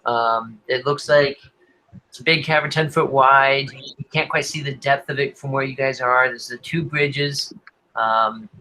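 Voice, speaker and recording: Bright-voiced young man running a game. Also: mid-range voice, fairly even intonation, measured pace, slight background noise, low-quality recording. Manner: hesitant, lots of ums. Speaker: game master. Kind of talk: narrating a tabletop game.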